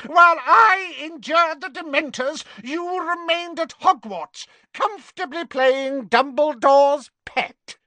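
A man voicing a fanatical witch who shrieks and jeers in a passionate, shrill voice. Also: sing-song, measured pace, dry recording. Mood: fanatical fury.

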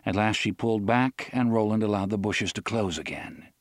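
A man narrating an audiobook in a measured storytelling manner. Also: on the low side, no room sound, clean studio sound. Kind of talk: scripted narration.

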